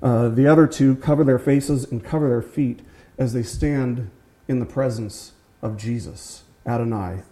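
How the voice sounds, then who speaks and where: A man preaching a sermon in a conversational way, with frequent fillers and restarts, and slowing down to stress key words. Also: medium pitch, dark tone, low-quality recording. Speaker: pastor.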